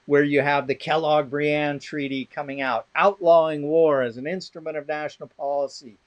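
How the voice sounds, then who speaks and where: Middle-aged male expert guest; sardonic anecdotal talker, slightly high voice. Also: fairly even intonation, normal speed. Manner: rambling anecdotal storytelling with restarts; blunt and sardonic. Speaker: guest expert on law of armed conflict. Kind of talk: casual interview conversation.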